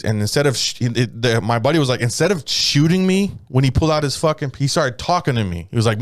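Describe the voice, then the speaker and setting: A man's voice: medium pitch, fast talker, hardly any pauses, no room sound, studio quality. A man casually retelling a story on a podcast, cursing freely and voicing the people in it. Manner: profane, animated retelling with voiced quotes. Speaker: podcast co-host.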